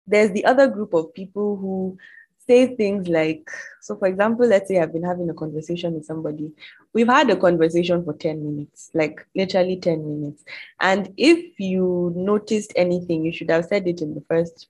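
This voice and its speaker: A woman's voice: fairly low pitch, slightly rough, rough recording. Exasperated Nigerian woman vlogging. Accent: Nigerian English. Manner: animated, exasperated storytelling with mocking quoted voices. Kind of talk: casual chat to camera.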